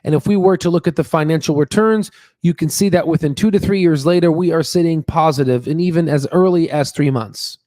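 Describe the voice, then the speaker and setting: A man hosting a stock market channel talks through stock analysis in a casual, emphatic way, repeating words and scattering fillers and "okay?" tags throughout. His voice is a little high and mellow, and he speaks fairly quickly. It's a studio-quality recording with no room sound.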